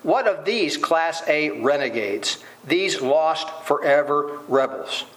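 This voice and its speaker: Man preaching a sermon, slightly high voice. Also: animated, slow, fairly bright tone, rough recording. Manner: rhetorical questions, dramatic quoted lines.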